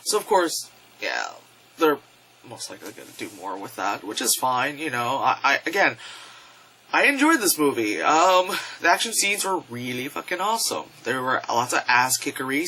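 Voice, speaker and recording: A man's voice: mid-range voice, pushed and bright, a little hiss or hum, low-quality recording. A young man casually reviewing movies on camera, rambling, swearing freely and using lots of fillers. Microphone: camera mic.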